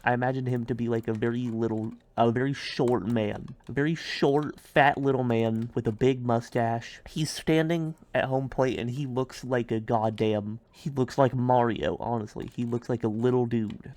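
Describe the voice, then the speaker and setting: A man talks through a building game in a loose, rambling way. He jumps from quiet musing to sudden goofy yelps and silly bits. Keyboard clicks and typing are heard behind him. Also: mid-range voice, fairly even intonation, moderate pace, few pauses. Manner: goofy, rambling, bursts of silly loud outbursts. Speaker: streamer. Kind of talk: casual gameplay commentary.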